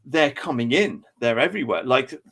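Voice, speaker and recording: A man's voice: mid-range voice, lively intonation, normal speed, a bit bright, husky. A man chatting on a podcast, ranting and swearing heavily. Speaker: podcast co-host. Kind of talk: casual chat.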